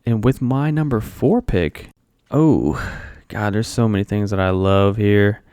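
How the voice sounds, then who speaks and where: A man co-hosting a podcast in casual chat, playful and expressive, swearing casually. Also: fairly low pitch, a little slow, clear, resonant tone, dry recording, clean studio sound. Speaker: podcast co-host.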